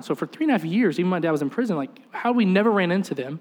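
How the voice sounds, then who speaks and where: Animated man telling a sermon story. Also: high-pitched, racing, few pauses. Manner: animated storyteller acting out quoted voices. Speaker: preacher.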